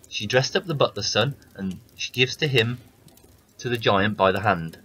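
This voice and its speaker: Low, husky fairy-tale reader. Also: male voice, normal speed, sharp tone, poor audio. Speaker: storyteller. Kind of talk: reading a fairy tale aloud.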